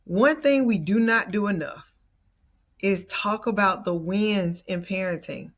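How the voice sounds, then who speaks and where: A woman parenting coach tells a personal story straight to the camera, lively and expressive in how she shares it. Her voice sits at an ordinary middle pitch. The recording sounds a little dull and muffled. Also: unhurried.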